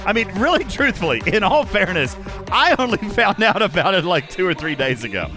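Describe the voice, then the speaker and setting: A man's voice: high-pitched, fairly quick, over music. A man hosting a casual live stream, reading chat aloud and reacting with exasperation. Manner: animated, exasperated, reads chat comments aloud. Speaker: livestream host.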